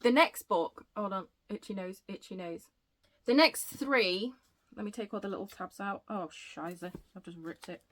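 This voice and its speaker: A woman chatting excitedly on her book vlog, gushing and rambling with self-interruptions, a bit out of breath. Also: medium pitch, normal speed. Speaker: book vlogger. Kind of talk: casual chatty book review.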